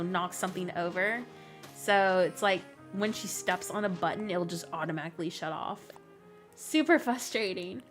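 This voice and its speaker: A woman's voice: medium pitch, fairly bright tone. A woman live streaming a game, chatting casually, rambling and laughing often as she jokingly complains about her pets. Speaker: gaming streamer.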